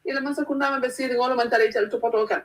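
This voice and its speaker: A woman's voice: high-pitched, steady tone, racing, poor audio. A woman on a talk show panel, telling stories in a chatty way and mixing English with local language.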